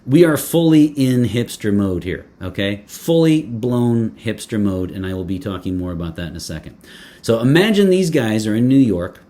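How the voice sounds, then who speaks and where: A man's voice: medium pitch, a little mellow. A man reviewing a fragrance in casual talk to camera, playful and chatty, with many fillers, restarts and joking asides.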